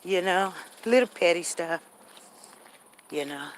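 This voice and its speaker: A woman's voice: lowish voice, slow. A woman hosting a live stream, talking candidly and repeating herself as she walks outdoors through a neighborhood. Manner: candid, repetitive, reads chat comments aloud. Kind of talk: casual chat while walking.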